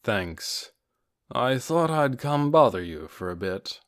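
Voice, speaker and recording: A man voicing a calm, measured undead male overlord in an audiobook. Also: mid-range voice. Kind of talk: audiobook character voice.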